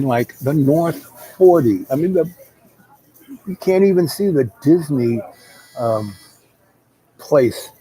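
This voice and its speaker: A man's voice: medium pitch, dark tone, low-quality recording. A man telling a long personal story in a casual, rambling way and coughing now and then. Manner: rambling, with many fillers and restarts.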